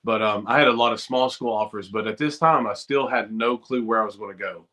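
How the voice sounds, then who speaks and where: Brief: middle-aged man, guest on a video call, bright forceful voice, animated storyteller. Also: fairly low pitch, a little fast. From Eastern Kentucky. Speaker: guest, former college football player. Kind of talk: storytelling in a podcast interview.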